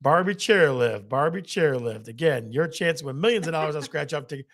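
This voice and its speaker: A man's voice: a little high, animated, a little fast, a bit bright. A man hosting a live quiz with game-show countdowns, laughing often at his own jokes. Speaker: host.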